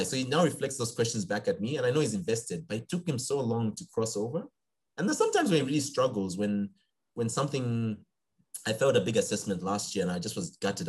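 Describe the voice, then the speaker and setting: A young man talks through an interview at an easy conversational pace. His pitch swings widely as he speaks, and he slips into the voices of the people in his stories. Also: fast, husky. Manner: animated storyteller, acts out quoted dialogue. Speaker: guest, psychiatrist in training.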